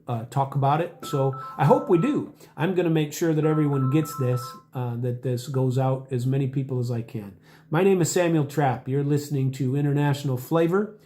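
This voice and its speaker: Man, podcast host, combative, sarcastic, higher pitch, roomy echo. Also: a little mellow. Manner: combative, sarcastic, addresses opponents directly. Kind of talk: talk show monologue.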